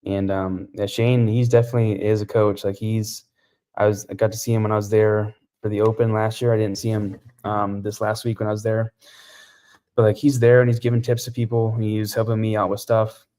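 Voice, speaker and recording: Man, low voice, monotone, relaxed halting chat, interview guest. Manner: relaxed, halting with many fillers. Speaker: CrossFit athlete, podcast guest.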